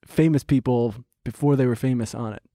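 A man's voice: mid-range voice, fairly even intonation, a little fast, warm tone, dry recording, studio quality. A man from New Jersey co-hosting a podcast, easygoing and wry in casual chat. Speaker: podcast co-host.

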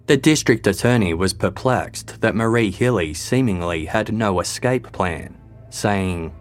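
A man giving a scripted true-crime narration in a measured, even storytelling delivery. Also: lowish voice, faint music behind.

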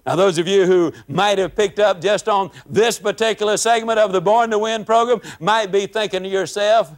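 A man delivers a motivational talk in a fairly high voice. He tells folksy stories and breaks into acted-out rants. His delivery is animated and homespun. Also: moderate pace. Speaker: motivational speaker. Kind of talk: motivational speech.

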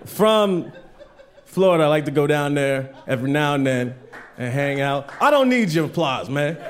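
A man with a fairly high voice tells rambling, profane stories in a stand-up set. He talks loosely and casually from a club stage, with an audience laughing behind him. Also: slight background noise. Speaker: stand-up comedian.

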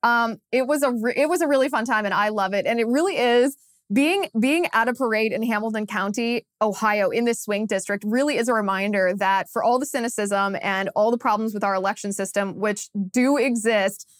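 A woman in her thirties hosting a political commentary podcast, telling stories in a chatty way with frequent laughs and quick restarts. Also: fairly high pitch, no room sound, studio quality. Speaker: podcast host.

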